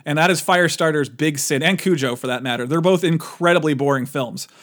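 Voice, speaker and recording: A man co-hosting a podcast in casual movie-review chat, animated and jokey, quick to laugh. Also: a little high. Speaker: podcast co-host.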